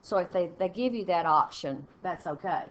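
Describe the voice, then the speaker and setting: A woman English teacher, walking a class through test punctuation questions step by step and reading example sentences aloud with pauses. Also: on the low side, animated. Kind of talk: classroom test-prep lesson. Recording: dull lo-fi classroom recording with faint noise.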